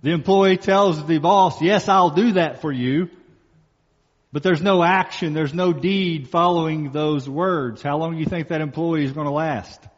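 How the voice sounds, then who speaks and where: A man with a slightly high voice preaching a sermon in what sounds like a church hall. He is emphatic, slows down on the key phrases and repeats them for weight. The sound is a little muffled, and a long reverb trails behind every phrase. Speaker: pastor.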